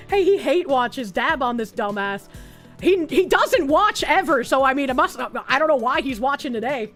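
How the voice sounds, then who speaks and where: A woman's voice: sits high, normal speed, a bit bright, faint music behind. A woman from Canada streaming casually, reading chat aloud with profane, sarcastic mockery. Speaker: livestreamer.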